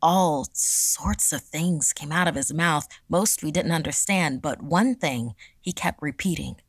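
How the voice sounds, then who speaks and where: A woman narrating a scripted horror story in a measured, dramatic way. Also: low-pitched, no room sound.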